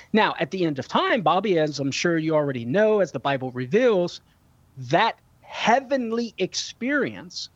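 A man's voice: a little high, dry recording, highs cut off. A man with children, answering callers' questions on a call-in show in an earnest, teaching manner, repeating words for emphasis. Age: young adult to middle-aged, a father. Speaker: guest theologian answering callers.

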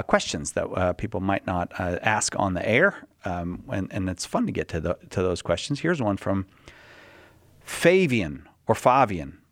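A man's voice: low voice, creaky, no echo, clean studio sound. A man hosting a call-in radio show, joking and hesitant with many fillers. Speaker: radio host.

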